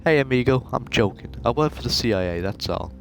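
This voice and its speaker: A man's voice: mid-range voice, expressive, a little fast, a bit bright, a little hiss or hum, voice pushed up. A man voicing a jovial, boastful American spy passenger who talks in a brash, jokey way. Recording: game music playing behind.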